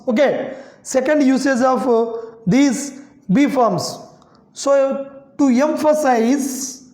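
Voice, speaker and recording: A woman teaching grammar dictates example sentences word by word, slow and repetitive, saying "okay" frequently as she repeats herself. Her high, slightly mellow voice moves at an unhurried pace through the classroom explanation, with the echo of a bare room around her.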